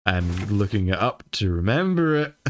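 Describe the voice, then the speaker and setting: A man's voice: lowish voice, dry recording. Laughing, swearing British young man. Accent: British English. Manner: laughs often, swears, loose rambling. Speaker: podcast host. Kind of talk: casual chat.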